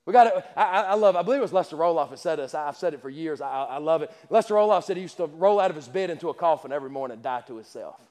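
High-voiced man preaching in an echoey hall. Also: expressive, very fast, hardly any pauses, a little mellow. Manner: emphatic, repetitive rhetorical questions; stammering restarts. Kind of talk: sermon. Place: church service.

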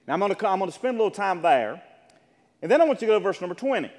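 Pastor guy preaching, kinda high voice, gets loud n punchy, long hall echo. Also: big pitch swings, racing. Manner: preachy, builds to loud emphatic peaks, asks for amens. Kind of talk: sermon.

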